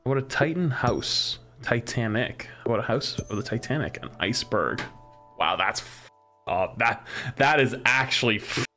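A man's voice: medium pitch, animated, a little slow, pushed and bright, faint music behind. A man streaming a crafting game, musing aloud as he tries one combination after another. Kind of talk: casual live-stream commentary.

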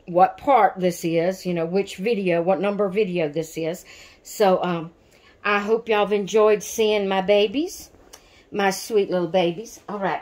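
A woman's voice: medium pitch, darkish tone. A woman, chatting in a casual vlog about her dolls, emotional and rambling, often correcting herself. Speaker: doll collector vlogger.

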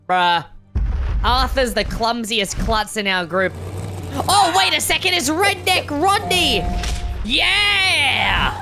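A woman giving excited, slangy reaction commentary on an animated clip, exclaiming dramatically as events unfold. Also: sits high, slow. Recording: music playing behind the voice.

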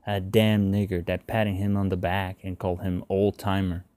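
A man narrating a short story in a measured, subdued way. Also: sits low, monotone, a little mellow, no room sound. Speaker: reader.

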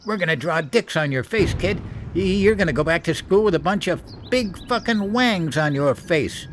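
A man's voice: high voice, lively intonation, moderate pace, pitched above the performer's own voice. A man voicing a giggling, sputtering teenage boy henchman who taunts a victim, with a hum in the recording. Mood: gleeful.

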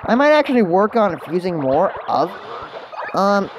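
A woman's voice: medium pitch, very animated, moderate pace, slight background noise. Chatty woman narrating her gameplay. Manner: chatty, rambling and self-mocking, talks to game characters. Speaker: gaming channel host. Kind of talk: casual let's-play commentary. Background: game music.

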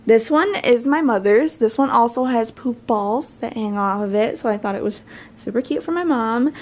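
A woman's voice: a little high, normal speed, a little mellow, slight background noise. A young woman chatting casually to her camera at home, rambling and often breaking off mid-sentence. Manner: rambling and self-interrupting, trails off mid-sentence. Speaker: vlogger. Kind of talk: casual vlog chat. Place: at home, indoors.

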